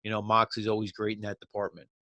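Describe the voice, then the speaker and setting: A man's voice: lowish voice, flat delivery, fast, pushed and bright, no room sound. A man casually recapping and reviewing a wrestling show, rambling with lots of fillers. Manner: loose, rambling, heavy on "you know" and "like".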